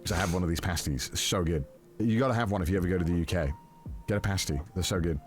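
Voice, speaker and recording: A man telling a story casually, excitable and self-mocking, with lots of fillers. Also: low voice, rapid-fire, soft background music. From Wales.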